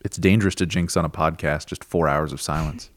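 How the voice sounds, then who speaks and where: A man's voice: a bass voice, a little fast, no echo, clean studio sound. A man co-hosting a podcast, chatting casually and joking with his co-hosts. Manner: relaxed, jokey banter. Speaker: podcast co-host. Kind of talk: casual chat.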